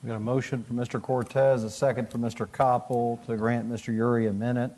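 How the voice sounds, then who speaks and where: A man chairs a city council meeting and runs a vote with brisk, matter-of-fact procedure. His voice sits in a middle pitch. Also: little pitch movement, darkish tone.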